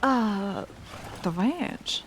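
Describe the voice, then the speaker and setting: A woman's voice: mid-range voice, lively intonation, drawn-out words, a little hiss or hum, low-quality recording. Chatty woman in western roleplay. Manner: chatty, self-deprecating, laughs often. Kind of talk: in-character western roleplay chat.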